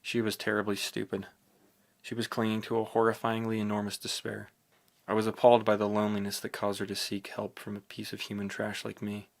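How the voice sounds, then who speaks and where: A man reads a novel aloud in the first person, steady and brooding. His voice sits low with a gravelly edge, and the pitch barely moves. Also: brisk. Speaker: audiobook narrator.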